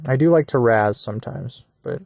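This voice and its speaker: Young man rambling in a mellow voice. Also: medium pitch, animated, moderate pace, vocal fry. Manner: meandering, mumbles and trails off, crude asides. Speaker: podcaster. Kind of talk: rambling solo monologue. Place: at work during a shift.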